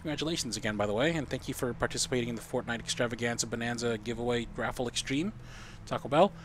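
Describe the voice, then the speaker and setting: A man's voice: mid-range voice, fast talker, slight background noise. A man streaming a video game live, walking viewers through the steps in a chatty, explaining way.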